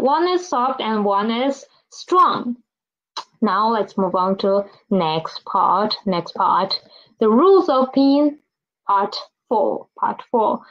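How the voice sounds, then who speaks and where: A woman's voice: on the high side, fairly bright tone, dull audio. A woman teaching a pinyin lesson, repeating each word and asking learners to read after her. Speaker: Chinese language teacher. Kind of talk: slow classroom pinyin lesson.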